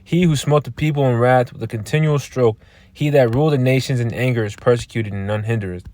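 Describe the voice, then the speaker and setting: A man giving informal scripture teaching in a blunt, halting way. He repeats words and keeps asking "all right?". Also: mid-range voice, darkish tone, no echo. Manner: blunt, profane. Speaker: religious teacher.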